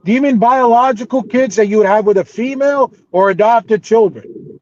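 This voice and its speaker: A man hosting a casual live panel discussion, rambling and animated, often calling people bro. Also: high-pitched, moderate pace, dry recording. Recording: dull lo-fi audio with faint noise.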